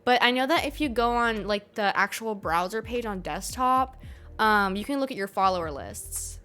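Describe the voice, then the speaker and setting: A woman's voice: fairly high pitch, animated, moderate pace, pushed and bright, soft background music. A young American woman streaming, chatting casually with her live chat, laughing often and swearing freely.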